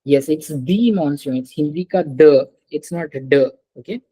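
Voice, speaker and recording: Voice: medium pitch, dark tone, husky, low-quality recording. Patient teacher. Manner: patient, repeats words slowly and calls on students. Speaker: French teacher. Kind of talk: online class lecture.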